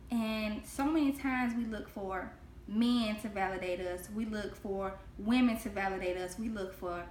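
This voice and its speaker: A woman's voice: mid-range voice, a bit bright, a little hiss or hum. A woman giving a spoken Christian devotional to camera, earnest and heartfelt, repeating phrases for emphasis. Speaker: devotional host. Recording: echoey room.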